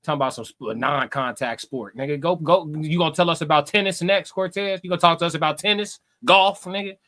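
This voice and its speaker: Brash, high-voiced trash-talking streamer man. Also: brisk, pushed and bright. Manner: brash, profane, taunting, repeats himself. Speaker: streamer reading chat. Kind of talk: live reaction stream, trash talk.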